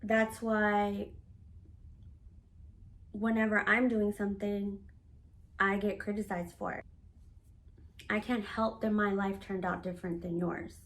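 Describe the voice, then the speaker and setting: A woman in her thirties speaks at a medium pitch with little rise and fall, moving slowly and leaving long pauses. In a personal vlog she tells the camera candidly about a family conflict, animatedly acting out the quoted dialogue.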